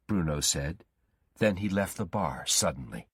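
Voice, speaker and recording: A male storyteller reads a graded-reader story slowly and carefully. His deep, husky voice rises and falls in a lively way, and the recording is close and dry.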